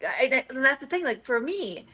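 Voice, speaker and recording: A woman speaks as a guest in a casual chat, her voice a little high and bright. She talks earnestly, circling her point with fillers as she goes. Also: very animated, moderate pace, breathy edge.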